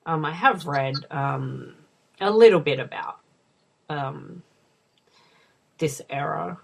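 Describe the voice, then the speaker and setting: A woman's voice: deep voice, takes it slowly, gravelly. A woman giving casual commentary over a film, wry and swearing, slipping into muttered asides. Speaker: movie watch-along co-host.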